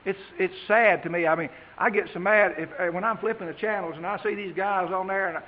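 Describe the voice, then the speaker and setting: A man preaching a sermon, reading scripture slowly with emphasis and then talking plainly to his congregation. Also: high voice, steady tone. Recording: dull, echoey hall.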